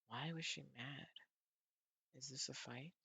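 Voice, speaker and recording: Male manga reader as a nervous teen boy, slow and hesitant, husky tone. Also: medium pitch, fairly even intonation, pushed and bright, no echo. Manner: hesitant, stammering, earnest. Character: anxious teenage boy narrating. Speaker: narrator and reader. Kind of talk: manga read-aloud.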